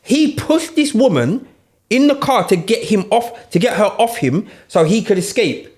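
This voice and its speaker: A man, co-hosting a casual group chat and telling stories with animated, rising outbursts. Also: sits high, normal speed. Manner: animated storyteller, laughs and raises his voice. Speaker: podcast co-host.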